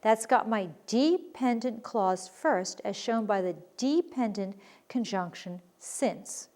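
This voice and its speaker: A woman's voice: fairly high pitch, lively intonation, slow pace, a little mellow. A woman teaching a recorded writing lesson, patiently explaining sentence structure and reading examples aloud.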